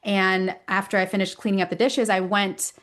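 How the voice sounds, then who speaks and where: A woman in her thirties chatting on a parenting podcast, animated and expressive. She tells stories at a natural, mid-range pitch and jumps higher when acting out what others said. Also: moderate pace. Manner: animated storyteller, acts out quotes with rising pitch. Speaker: podcast co-host. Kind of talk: casual parenting podcast chat.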